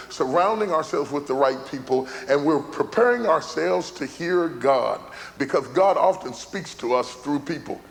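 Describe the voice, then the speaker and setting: A middle-aged man preaching a sermon as a pastor, repeating phrases for emphasis and building to shouts. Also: a little high, a little hiss or hum. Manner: emphatic repetition, rising to shouts. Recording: large hall with live audience.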